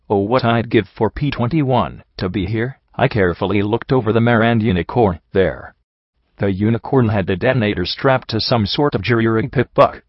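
A man with a low voice reads a first-person story aloud at an even, steady pace. The sound is dry, close and a little dull, with no room around it. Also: dry recording. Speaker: audiobook narrator. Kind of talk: scripted narration of a fan story.

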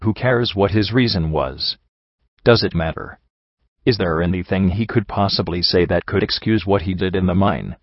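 A man voicing a young male pony in an audiobook, angry and grieving, with raw, bitter shouts. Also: deep voice, moderate pace, no room sound. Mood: furious. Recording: dry, slightly dull home recording.

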